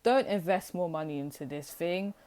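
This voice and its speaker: A woman's voice: on the low side, normal speed, darkish tone. A young woman giving a casual tarot reading to camera, blunt and teasing, with lots of filler words. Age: young adult. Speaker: tarot reader.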